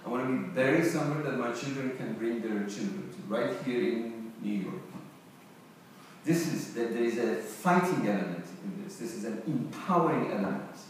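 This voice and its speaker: A man's voice: medium pitch, lively intonation, moderate pace. Emphatic Persian-accented man in echoey hall. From Iran. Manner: emphatic, hesitant with frequent uh fillers. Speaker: conference panelist. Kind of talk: academic conference talk. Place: large conference hall. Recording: echoey hall, distant mic, faint noise.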